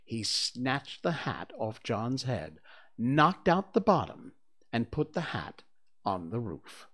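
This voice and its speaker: Unhurried man reading a storybook aloud. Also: medium pitch, vocal fry. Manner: unhurried and expressive. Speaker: reader of a serialized book. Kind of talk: storybook read-aloud narration.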